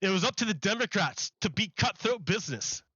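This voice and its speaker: Man, high bright voice, rambling political streamer, dry and slightly dull mic. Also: expressive, a little fast, husky, no room sound. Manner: rambling, repeats words, mocking put-on quotes. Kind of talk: live-streamed political commentary.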